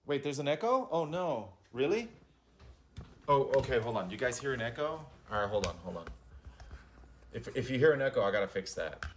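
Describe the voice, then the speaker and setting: A man's voice: medium pitch, animated, normal speed, pauses often, a little hiss or hum. A man live-streaming in casual chat, thinking aloud and repeating himself as he gets ready.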